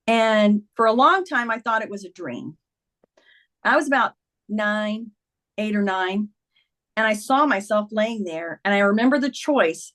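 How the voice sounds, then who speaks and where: A woman's voice: medium pitch, normal speed, a bit bright. A woman in her fifties, a memoir author interviewed as a guest, telling personal stories earnestly and acting out the lines of others. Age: 50s. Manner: earnest storyteller, acts out quoted dialogue. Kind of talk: candid interview conversation.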